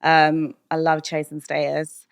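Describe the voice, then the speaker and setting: A woman's voice: sits low, monotone, slow, vocal fry, smooth, no room sound, clean studio sound. A British woman DJ talking candidly as a podcast guest, chatty and full of "like" and "um", laughing often. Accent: British English.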